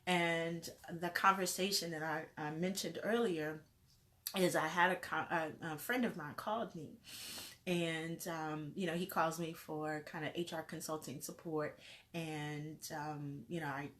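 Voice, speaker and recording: A woman's voice: sits low, fairly even intonation, measured pace, fairly bright tone. A woman life coach giving an earnest, faith-filled motivational talk to camera, repeating phrases in rolling lists. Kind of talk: motivational vlog.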